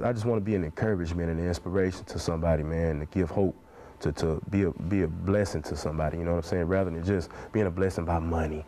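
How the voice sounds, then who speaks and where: Fervent man in his twenties, dark-voiced. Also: deep voice. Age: 20s. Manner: passionate, preacher-like cadence, fills every phrase with "man". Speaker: interviewee. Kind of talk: earnest interview talk.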